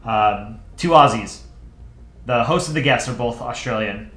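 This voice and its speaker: A man's voice: medium pitch, measured pace. A young man streaming live, casually chatting with his viewers and answering their messages while he draws. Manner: relaxed, chatty, answers chat while drawing. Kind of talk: casual livestream chat.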